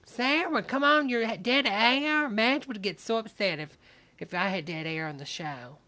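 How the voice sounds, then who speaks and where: A woman's voice: mid-range voice, unhurried, bright, forceful tone. A woman hosting a livestream, giving sassy, gossipy comic commentary and calling everyone honey. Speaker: livestream host reacting to a video.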